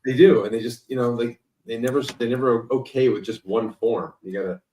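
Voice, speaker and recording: A man's voice: mid-range voice, fairly quick, noisy background. A man co-hosting a casual chat, joking in loose banter. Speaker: co-host. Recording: echoey room.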